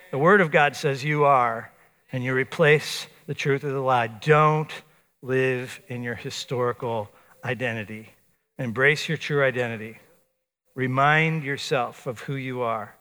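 A man preaching a sermon as pastor, emphatic and rising loud on his exhortations, then hushed and low when he prays. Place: church sanctuary. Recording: long reverb of a large hall.

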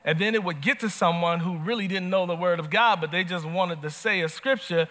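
A man preaching a sermon as pastor, animated and swinging from soft to shouting. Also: sits high, fairly quick. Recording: long hall reverb.

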